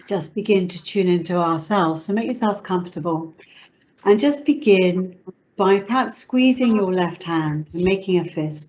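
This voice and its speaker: A woman psychotherapist leading a guided relaxation exercise over a video call, giving slow, soothing instructions. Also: mid-range voice, a little mellow, lo-fi sound.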